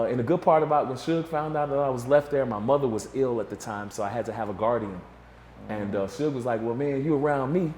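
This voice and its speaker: A man's voice: medium pitch, a little mellow, a little hiss or hum. A middle-aged man recounting a story as a guest in an interview, acting out the voices of others as he goes. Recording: echoey room with faint ambience.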